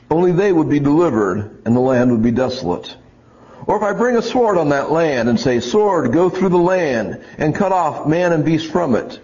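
Guy preaching a sermon, kinda high voice, earnest, reads scripture out loud, muffled lo-fi recording. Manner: earnest, repeats words when restarting. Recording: dull lo-fi recording.

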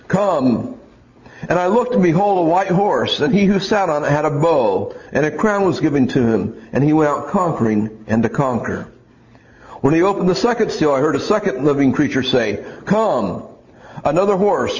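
Guy preaching a sermon, kinda high voice, earnest, reads scripture out loud, muffled lo-fi recording. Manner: earnest, repeats words when restarting. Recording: dull lo-fi recording.

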